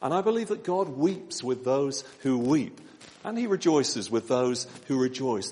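A man delivers a sermon at a mid pitch, gentle and measured, drawing out key words with slow pauses. His voice rings with the long reverb of a church. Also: big pitch swings. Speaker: preacher.

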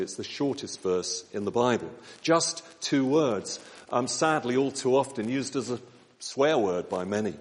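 A man delivers a sermon at a mid pitch, gentle and measured, drawing out key words with slow pauses. His voice rings with the long reverb of a church. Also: lively intonation. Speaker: preacher.

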